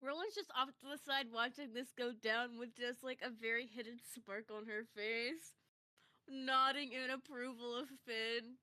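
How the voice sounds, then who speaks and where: A woman's voice: on the high side, steady tone, unhurried, bright, forceful tone, no echo. A woman playing a tabletop game, chatting in a playful, giggly way. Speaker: player. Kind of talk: casual tabletop game chat.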